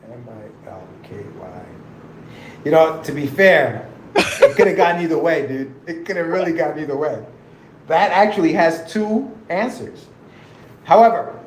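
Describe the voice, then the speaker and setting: A man's voice: on the high side, echoey room, a little hiss or hum, rough recording. A man hosting a casual podcast stream, joking, laughing and reading viewer comments aloud during a crossword game. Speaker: podcast host. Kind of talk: casual live-stream chat with puzzle game.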